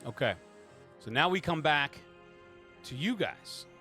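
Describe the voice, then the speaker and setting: A man's voice: fairly high pitch, animated, a little slow, pushed and bright, faint music behind. A man running a tabletop game as game master, casual and swearing, with frequent restarts.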